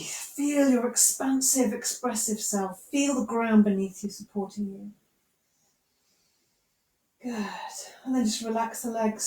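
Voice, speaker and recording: A woman guiding a yoga class with gentle, encouraging, unhurried instructions. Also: on the high side. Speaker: yoga teacher. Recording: echoey room, voice from far off.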